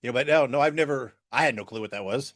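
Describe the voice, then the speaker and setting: A man's voice: medium pitch, fast talker, fairly bright tone, dry recording, studio quality. A man from the Midwest, from Indiana, appearing as a podcast guest, reminiscing conversationally with filler words. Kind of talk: casual podcast chat.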